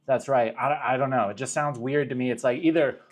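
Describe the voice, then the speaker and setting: A man's voice: mid-range voice, steady tone, fairly quick. A young man from Arizona talks loosely through a livestream Q and A, trailing off mid-thought and dropping curses as he goes. His voice sits in an ordinary middle range. He keeps it casual and conversational. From Arizona, USA. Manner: rambling, profane, self-interrupting. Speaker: livestream host.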